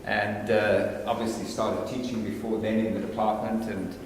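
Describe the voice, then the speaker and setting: A man's voice: lowish voice, level tone, normal speed. Older South African man in echoey hall. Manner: conversational, digressive, good-humoured. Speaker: guest lecturer. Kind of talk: informal lecture. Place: large lecture hall. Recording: echoey lecture hall, faint hiss.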